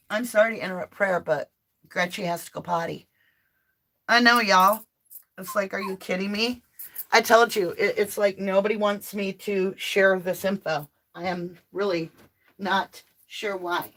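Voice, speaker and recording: A woman's voice: medium pitch, steady tone, unhurried, fairly bright tone. A woman hosting a live tarot reading from her home office, chatting informally with viewers and speaking prayers aloud. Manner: chatty and informal, often addressing viewers directly.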